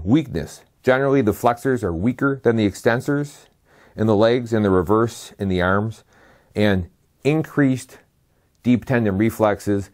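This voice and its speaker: A man with a somewhat low voice gives a slide lecture, moving through the material step by step. He lists terms one after another and drops in short, dry asides along the way. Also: a little mellow. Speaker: medical lecturer.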